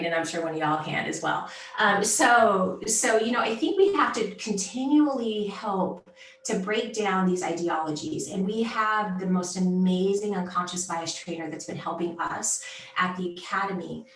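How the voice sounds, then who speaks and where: A middle-aged woman who works as a sports executive appears as a guest in a conversational interview, speaking with animated emphasis and often ending points with "right?". Her fairly low voice is captured from a distance in an echoey room, and the recording quality is low.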